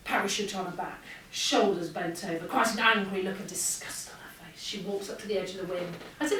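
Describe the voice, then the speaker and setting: A woman, a former air force pilot, giving a lively motivational keynote and acting out the dialogue in her stories. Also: medium pitch, fairly quick, few pauses. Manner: lively anecdotal, acts out dialogue. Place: large hall with an audience. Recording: echoey hall, distant mic, faint hum.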